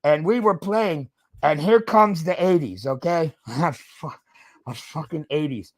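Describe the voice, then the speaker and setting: High-voiced man on a profane rant. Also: expressive, measured pace. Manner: profane ranting, keeps tagging "okay?". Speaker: podcast host. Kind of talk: casual chat.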